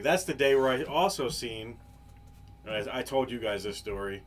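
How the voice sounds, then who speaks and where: A man's voice: mid-range voice, normal speed. A man co-hosting a podcast, telling a long, rambling, profane story in casual chat, full of fillers. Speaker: podcast co-host. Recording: live podcast, faint background noise.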